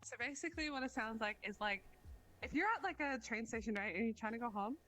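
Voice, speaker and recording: A woman chatting casually as a guest, giggly and animated. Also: on the high side, fast, faint music behind. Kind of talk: casual chat.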